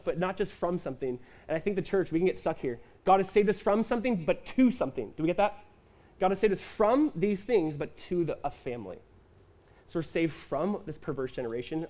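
Casual-toned preaching man, fairly high voice. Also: dark tone. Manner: conversational preaching with quick asides and acted-out quotes. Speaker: pastor. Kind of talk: sermon.

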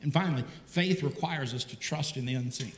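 A man preaching a sermon, talking in a lively, conversational way and throwing out rhetorical questions. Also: mid-range voice, brisk, slight background noise. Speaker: pastor. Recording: echoey hall.

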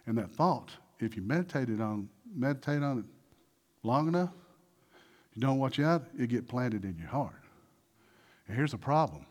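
A man's voice: medium pitch, darkish tone. A man preaching a sermon as a pastor, posing questions to the congregation and rising into emphatic exhortation.

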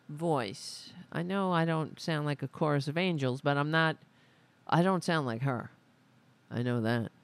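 A woman's voice: low voice, gravelly. A woman hosting a casual political livestream, ranting in an angry, profane and sarcastic way. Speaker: host.

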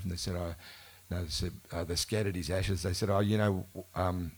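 A man's voice: low voice, steady tone, moderate pace, hardly any pauses, slightly rough. A man telling rambling stories in casual conversation, correcting himself often and laughing as he goes. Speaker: musician being interviewed. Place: bookshop event before a live audience. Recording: live event recording.

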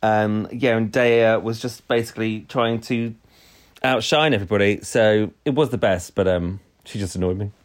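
A man's voice: fairly low pitch, normal speed. A man co-hosting a casual podcast chat, chatty and giggly, often restarting his sentences. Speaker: podcast co-host. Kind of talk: casual chat reviewing a TV show.

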